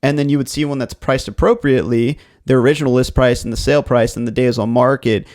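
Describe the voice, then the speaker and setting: Man, Baltimore area, podcast guest, mid pitch, rambling and casual, swears freely. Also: steady tone, fast talker, a little mellow. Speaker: real estate agent podcast guest.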